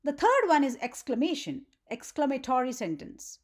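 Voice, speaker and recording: A woman's voice: high-pitched, big pitch swings, moderate pace. A woman teaching a grammar lesson for children, often checking in with "right?" and asking the viewer questions.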